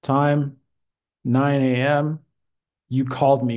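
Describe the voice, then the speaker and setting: A male English teacher explaining grammar in a deliberate, patient way. He slows down to stretch the important words so the student can follow. His pitch sits in an ordinary middle range for a man. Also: level tone, a little mellow, dull audio.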